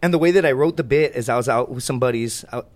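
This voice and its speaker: Guest storyteller, man, rapid-fire, profane, mid pitch. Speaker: guest, reality show contestant. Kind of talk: casual podcast chat.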